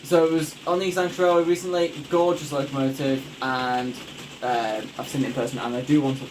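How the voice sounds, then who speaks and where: An excitable young man chats away eagerly, his talk full of ums and restarts. His voice sits in a middling range. A faint hiss runs under the recording. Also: medium pitch, fast talker, poor audio. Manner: enthusiastic, rambling with many fillers. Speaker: podcast host. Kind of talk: casual chat.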